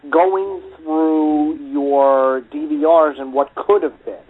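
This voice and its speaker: Animated man on a tinny line. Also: a little high, takes it slowly, husky. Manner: animated, repeats words when excited. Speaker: podcast co-host. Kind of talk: casual wrestling chat. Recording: tinny phone-line audio with faint hiss.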